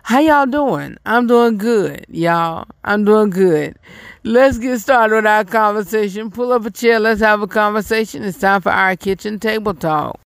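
A man's voice: high-pitched, unhurried, vocal fry, a bit bright, clean tone, no echo, clean studio sound. A man from North Carolina with a Southern accent, chatting casually as host of his own show, repeating himself and laughing often. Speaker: podcast host. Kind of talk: casual solo chat.

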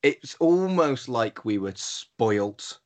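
A man's voice: mid-range voice, lively intonation, takes it slowly, darkish tone. A man on a casual podcast, making dry, teasing remarks. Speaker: podcast co-host. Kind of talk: casual banter.

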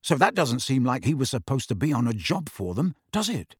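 A man's voice: big pitch swings, fairly quick, husky, no echo, studio quality. A man doing a brooding teenage schoolboy wizard. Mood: low intent. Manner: low, intent.

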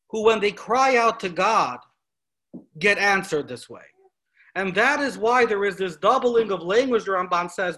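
A man with a high, bright voice lectures on scripture. He teaches in an animated way, weaving in stories and asking rhetorical questions as he goes. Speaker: Torah teacher.

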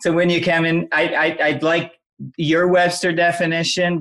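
A man's voice: fairly high pitch, fairly even intonation, moderate pace, fairly bright tone. A middle-aged man, a former military instructor, earnestly explaining his story as an interview guest. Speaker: guest, former Navy SEAL instructor and founder of an apparel brand. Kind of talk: casual interview chat.

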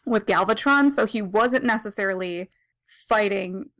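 A woman's voice: medium pitch, moderate pace, a bit bright. A woman co-hosting a podcast in casual chat, rambling, laughing often and correcting herself as she goes. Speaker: podcast co-host. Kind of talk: casual comic discussion.

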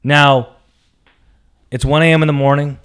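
Casual young guy telling a story, gets loud and excited acting out bits. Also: fairly high pitch, measured pace, smooth. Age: young adult. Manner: animated, acts out quotes with big loud jumps. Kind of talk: personal storytelling.

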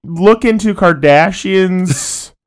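A man with a somewhat high voice talks casually as a podcast co-host. He rambles, swears freely, and often breaks into laughter. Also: slow. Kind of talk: casual chat.

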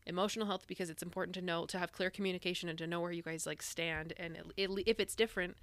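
A woman's voice: fairly low pitch, fairly even intonation, rapid-fire, fairly bright tone, dry recording. A young woman co-hosting a podcast, chatting casually and rambling with lots of "like"s and restarts. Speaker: podcast co-host. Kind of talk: casual chat.

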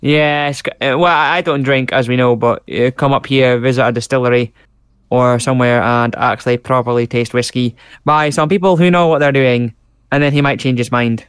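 Podcast co-host, Scottish man, blunt and sweary, smooth clear voice in a dry booth. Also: mid-range voice, fairly even intonation, moderate pace, no room sound. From Scotland. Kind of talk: casual chat.

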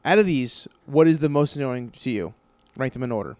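A man hosting a podcast, asking questions in a loose, halting, profane way. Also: mid-range voice, lively intonation, a little mellow, no room sound. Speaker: podcast host. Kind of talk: casual podcast interview.

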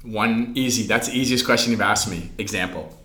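A man's voice: on the low side, brisk. A middle-aged man being interviewed, chatting casually and acting out family conversations as he tells them. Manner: animated storyteller who acts out family dialogue. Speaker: interview guest. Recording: roomy echo.

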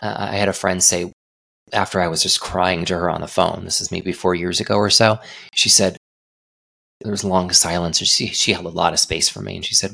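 A young man hosts a solo podcast in a very low voice with a gravelly edge. He talks earnestly and thoughtfully, often restarting his sentences as he works through his ideas. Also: fairly quick, pushed and bright, dry recording, studio quality. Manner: earnest, reflective, many restarts. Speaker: podcast host.

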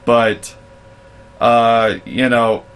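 A young adult man telling work stories in a casual chat, animated and laughing, acting out the voices of others. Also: mid-range voice, very slow, clear, resonant tone. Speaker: podcast co-host, storyteller.

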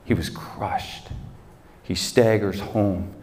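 Speaking slowly in a fairly low, darkish voice with fairly even intonation, a pastor tells a story from the pulpit. The sanctuary's long hall reverb trails his dramatic, vivid retelling and its recurring phrases.

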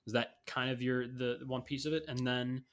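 A man's voice: mid-range voice, flat delivery, moderate pace, fairly bright tone. A man co-hosting a podcast, talking sports in a rambling, casual way with many fillers and restarts. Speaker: podcast co-host.

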